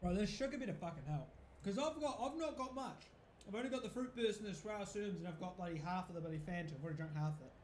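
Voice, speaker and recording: A man's voice: high-pitched, animated, fast talker, echoey room, slight background noise. A man with a New Zealand accent, chatting casually through a live football watch-along, rambling and swearing freely. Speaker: football fan streamer.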